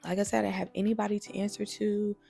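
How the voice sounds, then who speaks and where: A young woman vlogger chatting casually about a trip, talking in a lively way with lots of fillers. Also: mid-range voice, quick pace, gravelly, soft background music. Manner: chatty, animated, many "like"s. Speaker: travel vlogger. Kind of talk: casual storytelling vlog.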